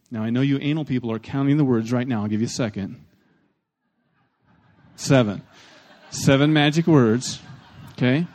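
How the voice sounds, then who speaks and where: A pastor preaching a sermon. He is animated and plain-spoken, with blunt humor, and he leads the congregation in repeating phrases. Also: mid-range voice, normal speed, pauses often. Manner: animated, swings between loud emphasis and soft asides.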